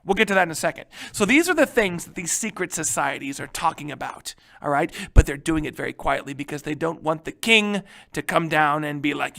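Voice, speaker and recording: A male history teacher giving a casual, animated lecture, joking and checking in with his students. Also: a little high, brisk, creaky. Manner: animated, joking, keeps asking "right?".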